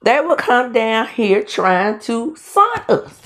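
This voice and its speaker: Speaking slowly in a voice on the high side, a middle-aged Mississippi vlogger with a Southern accent tells an animated story about her dental aligners. The commentary is casual, with lots of fillers and restarts.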